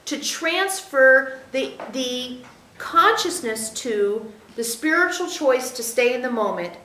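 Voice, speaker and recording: High-voiced woman giving a channeled teaching. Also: lively intonation, sharp tone, a little hiss or hum. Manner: measured, explanatory, speaks as "we", checks in with listeners. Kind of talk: channeled spiritual teaching to a group. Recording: roomy echo.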